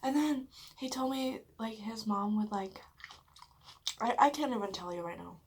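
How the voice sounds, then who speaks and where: A woman vlogger telling a story casually while eating, chatty and full of "like", swearing often and dropping into hushed whispers at dramatic moments. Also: a little high, normal speed, a little hiss or hum. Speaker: mukbang vlogger.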